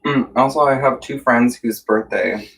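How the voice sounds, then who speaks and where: A man chatting casually on a live stream while he eats at home, hesitant and full of filler pauses. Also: medium pitch, gravelly, a bit bright, far from the mic, rough recording. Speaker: livestream co-host. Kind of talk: casual chat while eating. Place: warm room at home.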